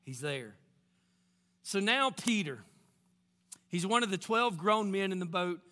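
A man preaching a sermon in a church, very animated, swinging between loud bursts and hushed lines and acting out quotes. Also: high-pitched, unhurried, in a large hall. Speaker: pastor.

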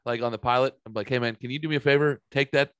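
A man's voice: medium pitch, fairly even intonation, rapid-fire, a bit bright, smooth, no echo. A man hosting a casual podcast chat, joking crudely and laughing often. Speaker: podcast host.

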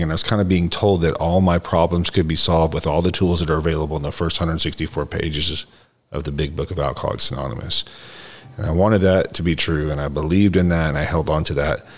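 A deep, low-pitched older man hosts a podcast. He tells his story candidly and rambles a little, lifting his voice high whenever he acts out what someone said. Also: fairly even intonation, brisk. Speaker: podcast host. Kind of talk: casual storytelling chat.

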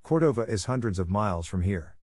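A man voicing a kind, gray-bearded old gentleman who gives calm, reassuring advice. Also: on the low side, brisk, no room sound, clean studio sound.

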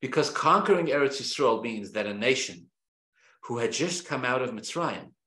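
Animated, bright-voiced man teaching a class. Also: mid-range voice, moderate pace. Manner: animated and emphatic, with rhetorical questions and restarts. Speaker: rabbi teaching a weekly Torah class. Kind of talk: lecture-style Torah class. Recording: roomy echo.

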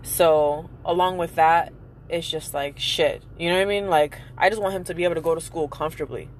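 Young mom venting on a casual vlog, lower voice, furious and profane, street traffic noise behind. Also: female voice, fairly quick. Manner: angry, profane, emphatic ranting. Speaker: mother venting. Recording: noisy street background.

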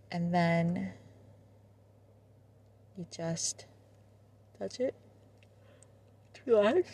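Gently whispering woman with a gravelly tone. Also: mid-range voice. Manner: gentle, drifting, often half-whispered. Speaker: podcast host. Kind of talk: guided meditation.

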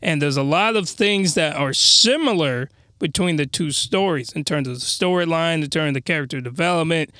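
A man giving a casual, slangy review monologue, animated and given to ranting. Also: fairly high pitch, fairly quick, few pauses, no room sound, studio quality. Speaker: anime reviewer.

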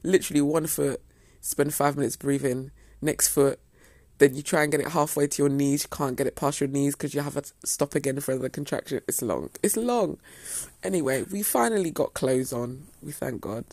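A woman's voice: low voice, fairly even intonation, brisk, a little mellow, no echo. A young woman telling a story to her viewers in a casual, chatty way. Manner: chatty, acts out quoted dialogue. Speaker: vlogger.

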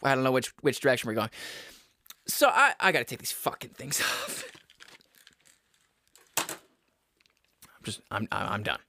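A man's voice: medium pitch, wildly swooping pitch, normal speed, vocal fry, pauses often, background noise. A young man hosting a podcast, talking in a casual, exasperated rant with swearing and frequent laughs. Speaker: podcast host. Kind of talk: casual ranting monologue. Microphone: headphones.

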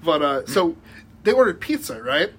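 Young man, high voice, rambling with lots of likes and laughs, faint hiss. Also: very animated, moderate pace, fairly bright tone. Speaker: podcast guest. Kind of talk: casual storytelling chat.

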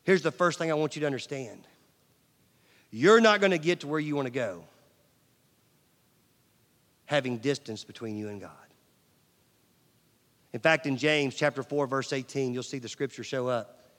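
A middle-aged male pastor preaching a sermon, swinging from loud emphasis to near-whispers and asking the audience questions. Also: mid-range voice, moderate pace, pauses often. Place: large church hall. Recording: long church hall reverb.

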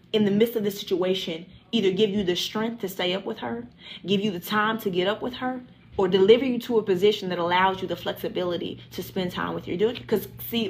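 A woman leads a livestreamed Bible study in a mid-range voice, preaching with fervor and repeating lines for emphasis. She moves into spoken prayer over her listeners. A faint ambient hiss sits behind her. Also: mid-range voice. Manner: impassioned, repetitive preaching with prayer.

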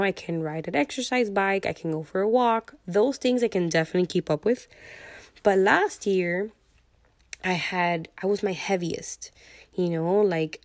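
A woman's voice: medium pitch, a little mellow, dry recording, clean studio sound. A young adult woman hosting her own podcast, talking candidly and rambling about her feelings with lots of "you know" and "like". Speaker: podcast host. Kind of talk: casual personal podcast monologue.

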